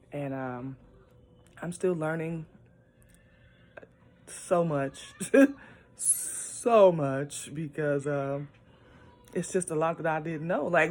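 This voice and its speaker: A young woman, a foster parent, chatting casually in a vlog and telling stories with lots of laughter. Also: deep voice. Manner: animated, laughs often, acts out voices.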